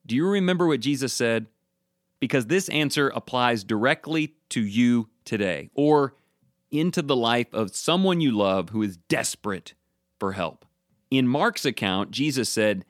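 An emphatic male preacher delivering a sermon, slowing down to lean on key words. His pitch moves in lively swings. The voice is dry and close, with no room sound. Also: dry recording. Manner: emphatic, slows down for stressed words.

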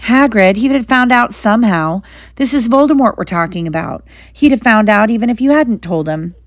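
A woman's voice: fairly high pitch, animated, fairly quick, no room sound, studio quality, natural voice. Harry Potter, woman doing an earnest young boy.

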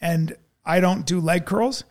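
A man who is a comedian guest on a podcast, full of teasing banter. His voice sits somewhat high for a man and has a rough, gravelly fry. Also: measured pace. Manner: joking and teasing. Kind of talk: casual conversation.

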